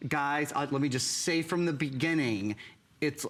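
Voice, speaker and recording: A man's voice: fairly high pitch, moderate pace, a bit bright. A man presenting electronics on a live shopping channel, explaining features earnestly. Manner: earnest, explanatory, chuckles along. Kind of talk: live sales demonstration. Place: television studio.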